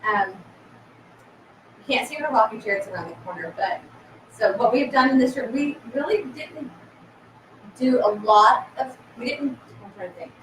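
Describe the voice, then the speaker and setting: A woman chats casually on a live stream, quick to laugh. Her voice sits a little high. She sounds far from the mic in a roomy, echoing space. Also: expressive, a little hiss or hum. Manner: chatty, laughs easily. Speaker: haunted house co-owner. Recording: echoey room, far from mic.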